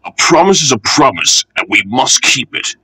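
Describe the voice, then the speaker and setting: A man as a steady engine driver. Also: mid-range voice, moderate pace, husky, full character voice. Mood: calm. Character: steady, good-humoured male engine driver.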